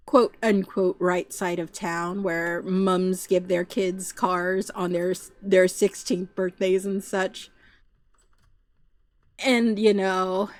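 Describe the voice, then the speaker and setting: A woman streamer telling stories in a casual, animated chat, often acting out the voices of the people she quotes. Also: on the high side, no room sound. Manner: animated, puts on voices when quoting people; chatty, frequent fillers and restarts. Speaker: VTuber streamer.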